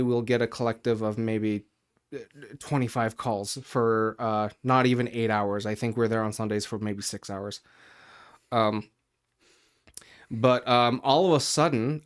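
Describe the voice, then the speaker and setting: Man, podcast co-host, smooth clear voice, casual rambling story, lots of ums, swears freely. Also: medium pitch. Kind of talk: casual chat.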